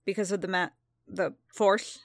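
A woman voicing a reserved male bounty hunter in a storybook reading, speaking softly and steadily. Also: mid-range voice, fairly even intonation, moderate pace, no room sound, studio quality, lightly acted. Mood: quiet.

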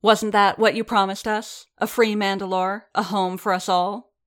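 A woman reading the part of a wiry warrior woman who challenges her leader with pointed, fast questions. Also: medium pitch, flat delivery, fairly bright tone, voice pushed up, natural voice. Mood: defiant. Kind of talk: audiobook reading.

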